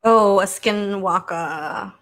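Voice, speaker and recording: A woman's voice: mid-range voice, slow, fairly bright tone. A woman co-hosting a podcast in casual chat, with dry, teasing remarks. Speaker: podcast co-host.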